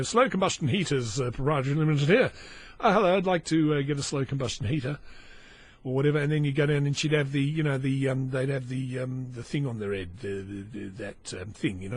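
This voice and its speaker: Aussie podcast guy reading the news, husky voice, a bit high, cracks sarcastic asides and trips over names. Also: dry recording. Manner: sardonic, rambling asides, stumbles over foreign names. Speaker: podcast host. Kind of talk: reading news aloud with running commentary.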